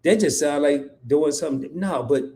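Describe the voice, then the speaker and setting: A man hosts a laid-back live talk stream in a fairly high, mellow voice at a moderate pace. He frequently laughs, reads the chat's comments aloud, and echoes lines to stress them.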